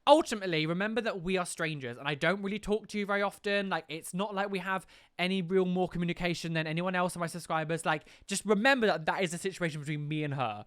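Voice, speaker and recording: Guy vlogging, talks really quick, candid and fed up, dry close sound. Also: sits high, fairly bright tone, smooth, no room sound. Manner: candid, exasperated, swears freely. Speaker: YouTuber. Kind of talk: casual vlog chat.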